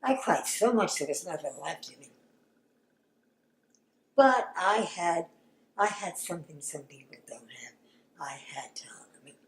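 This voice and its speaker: An older woman, a grandmother, recalling family memories in an interview, speaking haltingly and often dropping to a hushed whisper. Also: lowish voice, very animated, roomy sound, a little hiss or hum, low-quality recording. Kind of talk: oral history interview.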